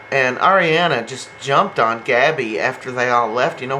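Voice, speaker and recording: A man's voice: medium pitch, normal speed, sharp tone, slight background noise, low-quality recording. A man casually recapping a soap opera episode in a gossipy, chatty way. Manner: gossipy and chatty, retells scenes with quotes.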